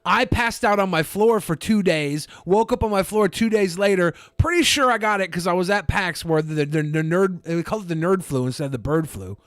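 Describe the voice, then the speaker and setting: Man, podcast co-host, high voice, dry close mic, rambling joker. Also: lively intonation, fairly quick, few pauses, fairly bright tone, no echo. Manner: joking, rambling storyteller. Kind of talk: casual podcast banter.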